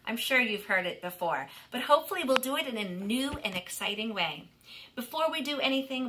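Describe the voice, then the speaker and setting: Slow, lively-voiced woman music teacher. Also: on the high side. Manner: bright, encouraging, speaks slowly and clearly to kids. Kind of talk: online music lesson for young children.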